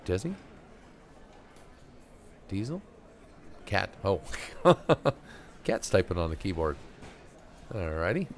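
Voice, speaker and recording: A man's voice: low-pitched, sing-song, slow, long pauses, slight background noise. A man casually talking to himself while playing a video game, muttering wry asides and reading choices aloud. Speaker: gamer streaming a playthrough. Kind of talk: casual let's-play commentary.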